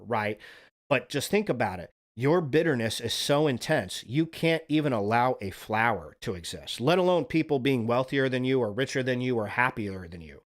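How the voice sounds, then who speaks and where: A man hosting a livestream, talking in a casual, earnest, rambling monologue and swearing now and then. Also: medium pitch. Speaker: livestream host.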